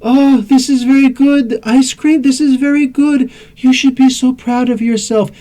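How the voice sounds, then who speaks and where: A man puts on a young movie heroine who speaks flat and monotone, drawn out and sweetly deadpan. The voice is pitched well above his own and stays mellow in tone. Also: unhurried.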